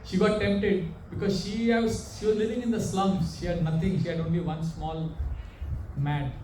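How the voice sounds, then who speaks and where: Guy preaching, mellow voice, echoey room with the mic way back. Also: sits high, normal speed, distant mic, slight background noise. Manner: animated, questioning the audience. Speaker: monk preacher. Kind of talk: sermon with storytelling.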